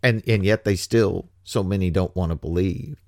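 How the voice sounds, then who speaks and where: A man preaching a casual sermon, wry and animated, slipping from scripture into slangy paraphrase. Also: sits low, normal speed, creaky, dry recording, clean studio sound.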